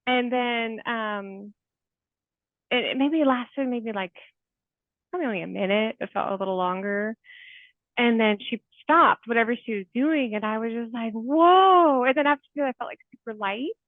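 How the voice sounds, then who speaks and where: A woman in her forties, a therapist guest in a casual interview, talking in a chatty, heartfelt way with many fillers and soft laughs. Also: on the high side, moderate pace, no room sound. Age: 40s. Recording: tinny phone-like call audio.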